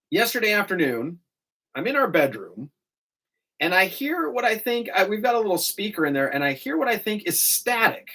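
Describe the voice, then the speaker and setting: A man talks through a morning radio show with a lively, swooping pitch. He chats casually and spins stories full of quick asides, speaking into a studio mic. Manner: chatty, animated storyteller with quick asides.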